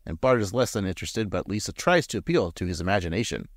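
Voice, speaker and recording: Brief: lower male podcast co-host, animated pitch, dry sound, sarcastic banter. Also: fast talker, no room sound. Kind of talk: casual chat and episode recap.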